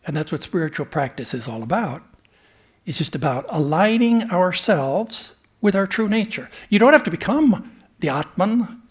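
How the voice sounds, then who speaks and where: A man speaking as a swami in a temple, giving a spiritual talk with an animated storytelling manner that often drops to a hush. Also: sits high, moderate pace, slightly rough. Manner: storytelling, animated, dropping to hushed tones. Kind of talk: sermon with storytelling.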